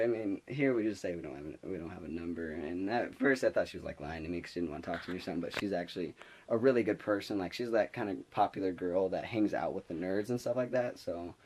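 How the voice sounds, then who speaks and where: A man's voice: sits low, darkish tone, slight background noise. A young man telling a casual story to camera, rambling with lots of restarts and filler words, sometimes whispering quoted asides. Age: young adult. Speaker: vlogger.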